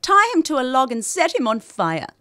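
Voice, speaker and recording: A woman guest on a radio show, talking in an animated, sardonic way. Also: sits high, normal speed, dry recording, clean studio sound. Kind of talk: casual radio chat.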